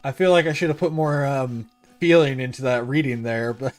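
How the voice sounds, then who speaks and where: A man's voice: medium pitch, brisk, faint music behind. Chatty young man streaming a retro game. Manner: chatty, reads game text aloud, self-deprecating. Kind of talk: casual livestream chat.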